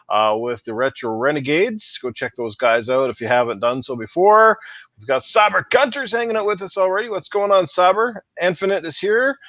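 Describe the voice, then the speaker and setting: A man's voice: fairly high pitch, dry recording, lo-fi sound. Hyped male gaming podcast host. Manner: hyped announcer-style shout-outs. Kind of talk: casual gaming podcast chat.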